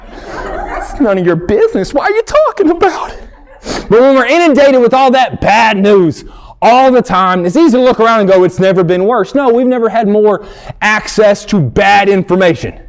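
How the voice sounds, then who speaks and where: A young man doing stand-up comedy, animated and quick to jump into loud, high shouted bits. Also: poor audio.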